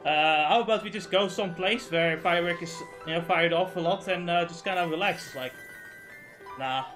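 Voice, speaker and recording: A young man venting in a casual, profane rant on his game stream, swinging from loud outbursts to low muttering. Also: moderate pace, faint music behind.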